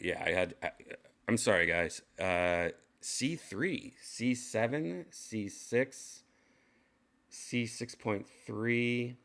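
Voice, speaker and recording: A man's voice: lowish voice, lively intonation, extremely slow, a bit bright. A man livestreaming casual chat to his viewers, loose and rambling, swearing casually as he tests gear. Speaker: vlogger testing a VR headset mic.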